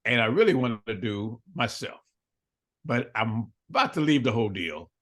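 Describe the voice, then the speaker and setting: Older man, animated storyteller, quotes others, laughs a lot, very lively pitch. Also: moderate pace. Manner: animated storyteller who acts out dialogue and laughs often. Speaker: interview guest. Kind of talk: storytelling interview.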